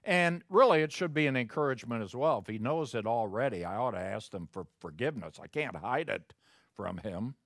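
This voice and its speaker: A middle-aged male pastor preaching a sermon, emphatic, moving from quiet folksy asides to loud stressed scripture quotes. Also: mid-range voice, expressive, a little fast, dry recording, clean studio sound. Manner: folksy, self-deprecating asides.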